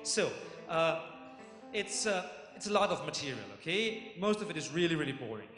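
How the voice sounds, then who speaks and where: A man with a high voice narrates as game master, animated and full of fillers. He is heard in a roomy conference hall with long reverb. Music plays clearly behind him. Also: normal speed.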